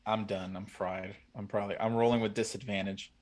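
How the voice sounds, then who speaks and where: A man talking as a podcast guest in a casual, halting way with many fillers. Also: on the low side, level tone, a little mellow. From Cuban family. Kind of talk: casual chat.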